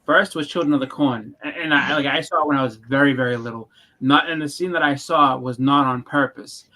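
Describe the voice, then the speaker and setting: Fast-talking young man, rambling. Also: medium pitch, bright, forceful tone, rough recording. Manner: rambling, restarts, quick reenactments. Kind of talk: casual chat.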